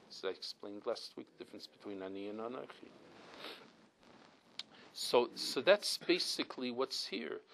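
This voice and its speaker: A middle-aged man leads a weekly religious class, speaking at a steady, mid-range pitch. His delivery is earnest and emphatic, full of restarts and repeated words as he explains each point. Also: creaky, poor audio. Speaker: rabbi teaching a class.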